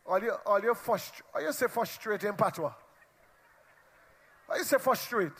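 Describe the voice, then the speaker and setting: A man's voice: high voice, animated, moderate pace, fairly bright tone, breathy edge. A man leading a church meeting, playfully teasing and bantering with the congregation. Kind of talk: lively crowd interaction from the pulpit. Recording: long hall reverb.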